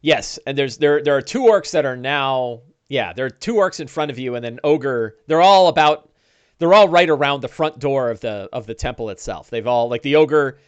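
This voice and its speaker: A man narrating a one-on-one tabletop game as dungeon master, animated, with quick bursts and restarts. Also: mid-range voice, clean tone, no room sound.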